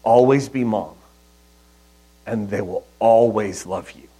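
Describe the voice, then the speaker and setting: A man preaching a sermon in a conversational, storytelling way, with soft asides. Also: lowish voice, a little slow, slightly rough, rough recording. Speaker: pastor.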